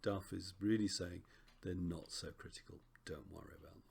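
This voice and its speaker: A man teaching a recorded Greek lesson, relaxed and chatty with frequent ums and self-corrections. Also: sits low, moderate pace, vocal fry, slightly rough.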